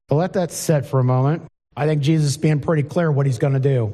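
Plainspoken preacher in a reverberant hall. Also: male voice, a little high, steady tone, fast, mellow. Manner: conversational, plainspoken, asks the congregation questions. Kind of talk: informal sermon with Bible reading. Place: church hall before a congregation.

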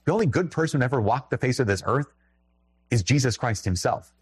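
A man's voice: mid-range voice, lively intonation, brisk, breathy edge, dry recording. A man with a Minnesotan accent giving a conversational, emphatic sermon, breaking off into restarts and little laughs.

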